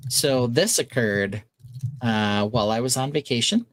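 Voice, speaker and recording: A man's voice: mid-range voice, moderate pace, dry recording. A man co-hosting a casual podcast, telling a vacation story and acting out the quotes. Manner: animated, acts out quotes. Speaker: podcast co-host.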